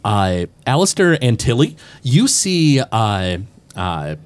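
A man's voice: mid-range voice, very animated, slow, clean tone. A man narrating as game master in a tabletop game, rambling, with many fillers and restarts.

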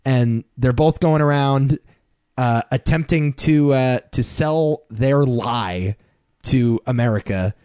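A man's voice: medium pitch, slow pace, a little mellow, clear, resonant tone, dry recording, studio quality. A man co-hosting a casual film podcast, talking in an emphatic, opinionated way. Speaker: podcast co-host.

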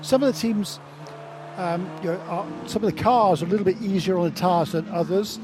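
A man's voice: sits high, a little fast. A man commentating on a race, giving reflective, chatty analysis of drivers and teams. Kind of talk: broadcast commentary. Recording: race car noise behind.

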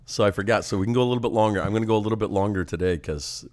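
Speaking very fast in a fairly low voice, an older evangelist co-hosts a ministry podcast in casual conversation. A slight nasal congestion colors his speech as he fires off animated rhetorical questions.

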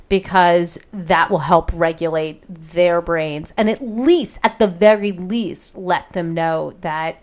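A woman hosting a conversation about parenting, speaking in an emphatic, sympathetic way. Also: fairly low pitch. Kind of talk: conversational interview.

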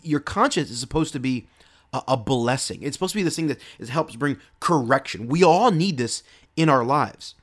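A man's voice: medium pitch, lively intonation, normal speed. Guy preaching a sermon, earnest, repeats himself a lot, stumbles on restarts.

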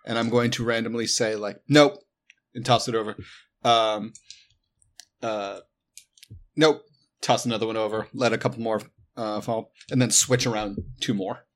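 A man's voice: fairly low pitch, flat delivery, normal speed. A man playing a tabletop role-playing game, joking and irreverent as he describes his character's actions. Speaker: player.

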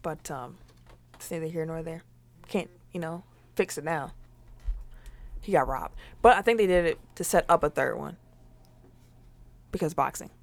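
Low-voiced woman leading a sports chat. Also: normal speed, gravelly, long pauses, dry recording. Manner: leads topics, asks the others questions. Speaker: podcast host.

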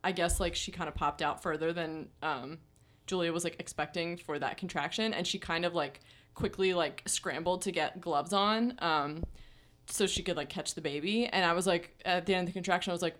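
A young woman telling a story in a relaxed chat, full of fillers and frequent laughs. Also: fairly low pitch, normal speed. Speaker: podcast co-host.

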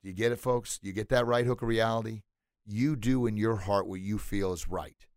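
A man delivering a motivational podcast monologue, speaking emphatically and animatedly straight to his listeners. His voice is mid-pitched and recorded on a close mic in a dry room. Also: brisk, no echo. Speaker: podcast host.

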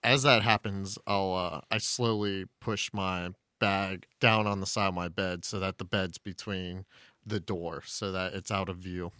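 A man playing in a tabletop game, describing his character's actions in a relaxed way and thinking aloud as he goes. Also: deep voice, unhurried, no echo, studio quality. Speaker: player. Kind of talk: casual tabletop role-play.

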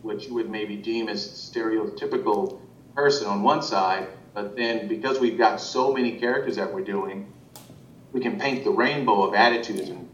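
At normal speed and with a slightly bright voice, an animation director talks casually during an interview, rambling with many restarts and fillers. He was recorded from a distance, so the sound is roomy and muffled, with a faint rumble.

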